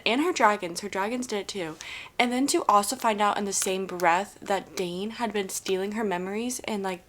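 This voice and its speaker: A woman's voice: medium pitch, fairly bright tone, a little hiss or hum. A woman vlogging about her reading in a casual, gushing way, rambling with lots of fillers. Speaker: book vlogger. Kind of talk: casual chat.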